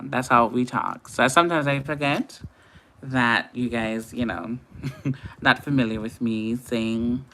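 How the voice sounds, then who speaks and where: Hosting a late-night makeup livestream, a young Antiguan woman with a Caribbean accent talks casually with her viewers and laughs frequently. Her voice is extremely low yet a bit bright, her pace unhurried, with slight background noise.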